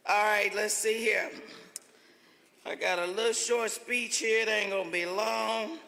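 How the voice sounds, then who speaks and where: Gravelly, fervent woman. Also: medium pitch, steady tone, a little slow, pushed and bright. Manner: folksy, preacher-like, fervent. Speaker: award honoree. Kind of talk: acceptance speech. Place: large event hall. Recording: reverberant event hall.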